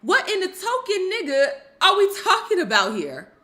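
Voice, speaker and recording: Woman, high-pitched, bright, blunt heated commentary. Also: wildly swooping pitch, normal speed. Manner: blunt and heated, with profanity and rhetorical questions. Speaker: commentary streamer. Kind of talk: opinionated casual commentary.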